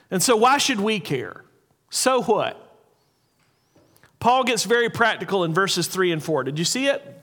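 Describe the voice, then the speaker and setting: A man with a notably high voice delivers an earnest sermon. He slows down to stress key points and repeats important lines. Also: sing-song, fairly bright tone. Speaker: pastor.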